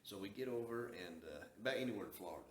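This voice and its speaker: A man's voice: lowish voice, lively intonation, rapid-fire, slight background noise. A man from the Southern US telling a long story in a folksy, drawling way, acting out what people said. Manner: folksy, drawling, acts out quoted dialogue. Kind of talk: casual storytelling. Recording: echoey room.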